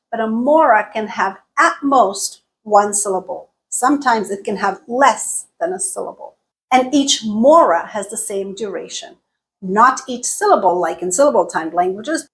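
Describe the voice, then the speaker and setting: Woman, higher register, calm language teacher delivering a scripted lesson deliberately, leaning on key words. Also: low-quality recording. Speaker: English teacher and channel host.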